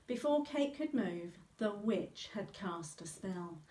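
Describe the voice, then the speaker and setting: Slow, expressive woman reading a storybook. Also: lowish voice. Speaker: teacher reading to pupils. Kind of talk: storybook read-aloud. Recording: echoey room, voice from a distance.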